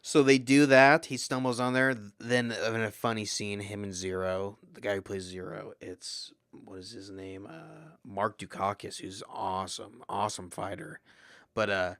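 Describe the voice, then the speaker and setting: A man co-hosting a podcast, reviewing a movie in an excitable, rambling, profane way. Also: lowish voice, moderate pace, no room sound. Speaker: podcast co-host. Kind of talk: casual movie review chat.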